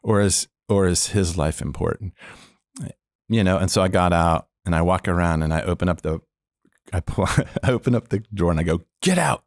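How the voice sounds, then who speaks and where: Deep-voiced man telling a police story. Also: fairly quick, dry recording, clean studio sound. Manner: animated storyteller who acts out the people he quotes; laughs often while telling. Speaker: podcast guest, former police officer. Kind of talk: storytelling interview.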